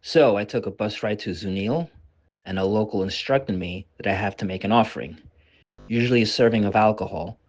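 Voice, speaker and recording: A man's voice: on the low side, fairly quick, a little mellow, lo-fi sound. A man vlogging his travels and narrating over the footage in a chatty, easygoing way. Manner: chatty and easygoing, with small laughs.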